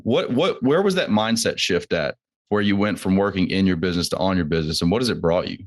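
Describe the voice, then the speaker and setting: A man hosting a podcast, asking questions in a relaxed, friendly way. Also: sits low, quick pace. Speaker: podcast host. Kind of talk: casual interview.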